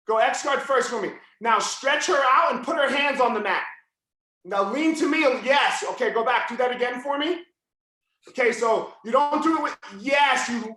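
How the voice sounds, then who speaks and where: A man teaching a live online jiu-jitsu class, yelling his coaching cues as he walks students through each move. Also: extremely high pitch, very echoey.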